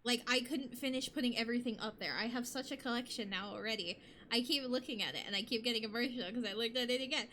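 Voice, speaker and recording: A bubbly young woman chats to her stream in a bright, crisp voice pitched a touch high. She rambles from one thing to the next and laughs easily. Faint noise sits under the recording. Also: fast. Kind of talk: casual chat with stream chat.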